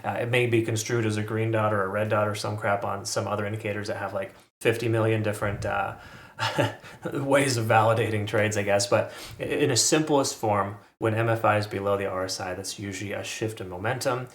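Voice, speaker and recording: A man's voice: fairly low pitch, steady tone, a little fast, echoey room. A man giving casual, rambling commentary as he walks through crypto price charts, with frequent restarts and asides. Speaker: crypto market analyst.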